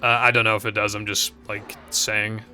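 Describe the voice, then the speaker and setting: A man's voice: lowish voice, little pitch movement, normal speed, bright, forceful tone, soft background music. A young man chatting casually to his stream viewers, rambling and hesitant with frequent fillers and casual swearing.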